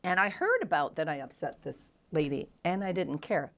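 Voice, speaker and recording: A middle-aged woman, a guest on an interview show, telling frank, self-deprecating stories in a candid and animated way. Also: on the low side, brisk, few pauses.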